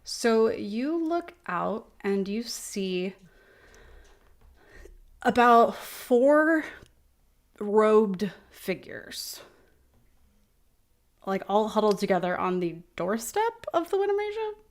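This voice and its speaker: A woman's voice: mid-range voice, big pitch swings, slow pace, long pauses. A woman game master narrating a tabletop game in a casual, chatty, giggly way.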